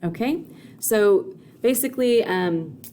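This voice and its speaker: A woman's voice: medium pitch, expressive, slow, mellow, a little hiss or hum. A woman teaching a recorded grammar lesson, explaining patiently with frequent fillers and "okay?" check-ins.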